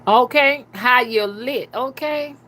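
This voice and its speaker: A woman's voice: a little high, slow pace, bright, forceful tone. A woman hosting a casual livestream, reading viewer comments aloud in a loose, talkative manner. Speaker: livestream host.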